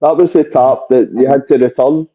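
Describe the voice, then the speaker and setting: A man's voice: mid-range voice, fairly even intonation, normal speed, husky. A Scottish man co-hosting a football podcast, laid-back, with short replies. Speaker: podcast co-host. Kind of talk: casual podcast chat. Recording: tinny phone-like call audio.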